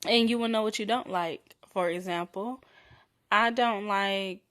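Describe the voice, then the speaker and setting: A young woman hosts her own podcast in a loose, candid solo chat. Her voice sits in a middle pitch, and she speaks frankly and playfully, often slowing and dropping softer on intimate words. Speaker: podcast host.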